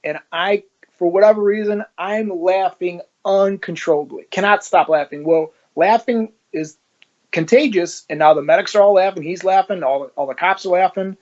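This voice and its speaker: A man's voice: high-pitched, normal speed, muffled recording. A man who is a former police officer, telling his story in an interview and acting out the dialogue as he goes. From Ohio, United States. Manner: animated storyteller who acts out quoted dialogue.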